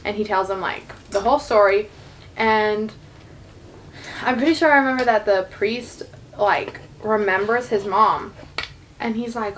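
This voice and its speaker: A woman's voice: mid-range voice, unhurried, long pauses, fairly bright tone, slight background noise. A young woman telling a story in casual chat, full of "like" and quoted lines. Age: young adult. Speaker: YouTuber retelling a musical's plot.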